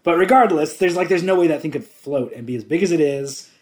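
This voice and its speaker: Speaking fast in a slightly high voice, this male podcast co-host chats enthusiastically about a film. His tone is casual, with frequent laughter and plenty of swearing.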